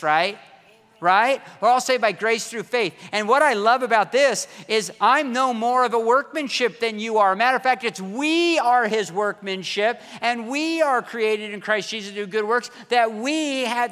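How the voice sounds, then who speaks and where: A man's voice: high voice, sharp tone, big-room sound. A middle-aged male pastor preaching a casual, self-deprecating sermon, often repeating his words as he talks.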